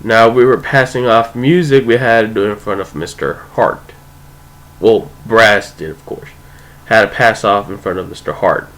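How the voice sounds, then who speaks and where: A man's voice: lowish voice, moderate pace, a bit bright, poor audio. A young man casually telling a rambling, profane story, full of "like" and "you know".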